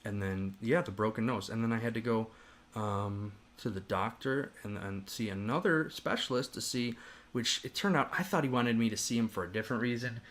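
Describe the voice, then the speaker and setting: A man on a podcast telling a story in casual chat, animated and profane, rambling with restarts. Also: mid-range voice, fairly quick. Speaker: podcast host.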